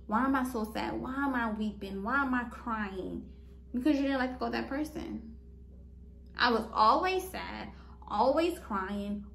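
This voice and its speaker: A woman's voice: a little high, a bit bright, echoey room, low-quality recording. An adult woman hosting a podcast, talking earnestly about forgiveness and faith with a repetitive, preacherly cadence. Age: adult, past high school. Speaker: podcast host. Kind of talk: personal faith talk on forgiveness.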